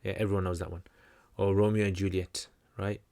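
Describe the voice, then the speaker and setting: Answering questions as channel host on a livestream Q&A, a man talks in a fairly low, creaky, mellow voice at a brisk clip and a level tone. His explanations run long and chatty, circling back, restarting sentences, and packed with fillers.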